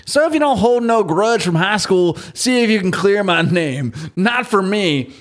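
A man's voice: high voice, expressive, moderate pace, pitched above the performer's own voice. A man voicing a crude male convict with a put-on Southern US accent, reading a letter in a drawling voice. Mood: pleading.

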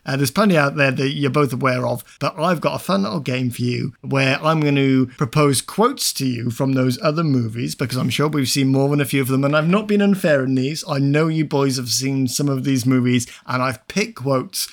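A man's voice: medium pitch, normal speed, gravelly, hardly any pauses. A man hosting a podcast in casual chat, running a quiz with long, teasing build-ups.

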